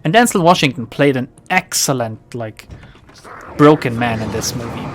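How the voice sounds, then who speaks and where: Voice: mid-range voice, fairly bright tone, slight background noise. Rambling game streamer. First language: German. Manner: rambling, laughing, tangential. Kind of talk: casual let's play chat.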